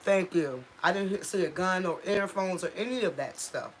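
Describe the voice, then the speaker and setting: A woman's voice: fairly low pitch, normal speed, slight background noise. A woman speaking on a live stream from home, raw and impassioned, repeating herself for emphasis and stopping to thank viewers. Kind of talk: emotional casual live-stream talk.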